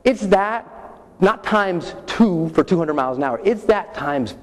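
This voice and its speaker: Animated high-voiced male storyteller in a hall. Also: a little slow. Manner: animated, acts out screams and dialogue. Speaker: motivational speaker. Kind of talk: comic stage storytelling. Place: large hall with audience. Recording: echoey hall, faint noise.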